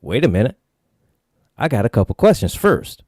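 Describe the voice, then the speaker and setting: A man's voice: medium pitch, very animated, darkish tone, breathy edge, dry recording, studio quality. A man voicing a male starship captain as a slangy dude who fires off questions. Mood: demanding. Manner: casual slang, rapid-fire questions.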